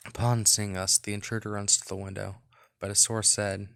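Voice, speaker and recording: A man's voice: lowish voice, flat delivery, brisk, vocal fry, a bit bright, clear, resonant tone. A man hosting a let's play, reading a visual novel aloud and breaking off into rambling, casual asides.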